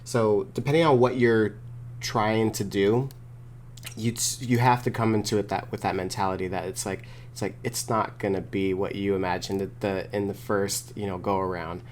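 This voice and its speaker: A man talking casually as an interview guest, rambling and filling pauses with "like" and "you know". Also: fairly low pitch, fairly even intonation, slight background noise. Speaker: guest, wrestler and creator.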